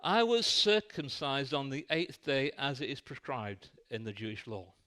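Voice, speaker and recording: A man's voice: mid-range voice, sing-song, moderate pace, sharp tone. A man voicing a devout, zealous man earnestly laying out his credentials and faith. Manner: earnest, emphatic.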